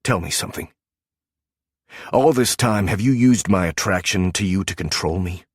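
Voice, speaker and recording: Male narrator as a hurt agent and team leader, low-voiced, accusing, dry close audiobook sound. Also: normal speed, breathy edge, no room sound. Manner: bitter, accusing, restrained.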